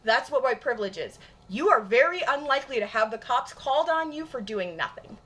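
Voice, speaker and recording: A woman's voice: a little high, animated, a little fast, a bit bright. A woman from Michigan with a general Michigan accent, chatting bluntly and emphatically with her viewers and swearing freely. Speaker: streamer. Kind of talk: casual chat with viewers.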